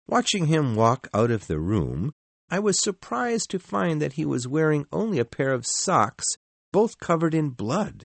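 Man narrating a story, very expressive. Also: on the high side, gravelly, no echo. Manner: measured, expressive reading.

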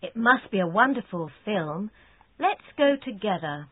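A woman reading lines in a practice dialogue, deliberate in delivery. Her voice is husky and moves widely in pitch. The sound is dry and phone-thin. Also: big pitch swings, no room sound, narrow, tinny audio. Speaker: dialogue reader in an English lesson. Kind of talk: read-aloud practice dialogue.

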